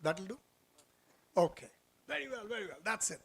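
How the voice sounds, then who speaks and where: A man giving a lively motivational orientation talk in an auditorium, quizzing the audience and telling stories. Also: high voice, normal speed, creaky. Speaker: orientation speaker.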